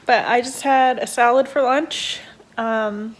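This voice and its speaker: A woman's voice: a little high, steady tone, takes it slowly. A young woman at home, a stay-at-home mom chatting casually and rambling with lots of fillers in a day-in-the-life vlog.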